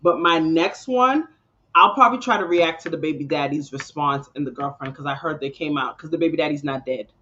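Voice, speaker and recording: Animated chatty woman streamer, bright lo-fi sound. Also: low-pitched, brisk. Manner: chatty, exclaiming, breaks into laughter. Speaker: live-stream reaction host. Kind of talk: casual live-stream chat.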